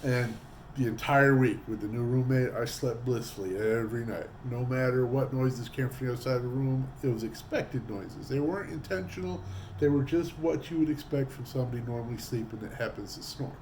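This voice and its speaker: A man's voice: mid-range voice, fairly quick, slight background noise. A man vlogging, telling a casual story with lots of energy and acting out what people said. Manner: animated, acts out quoted voices. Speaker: trucker vlogger.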